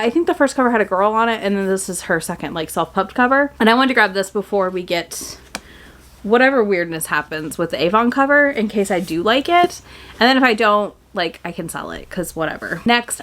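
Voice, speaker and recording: A woman's voice: medium pitch, a bit bright. A young woman chatting casually and enthusiastically in a book haul video, gushing with lots of fillers. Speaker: book vlogger.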